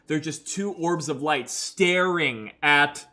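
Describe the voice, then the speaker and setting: Young dude narrating his solo rpg, lots of likes and ums, kinda high voice. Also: slow pace, sharp tone. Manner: casual, filler-heavy storytelling. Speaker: game master. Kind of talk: narrating a solo tabletop game.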